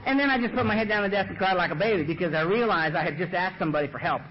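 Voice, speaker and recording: A man at the front of a recovery meeting room tells his story very fast in a high voice, joking, animated, and relaxed. He keeps dropping "you know" and "man" and laughs at his own expense. The podium mic gives a dull, lo-fi sound with a bit of background noise.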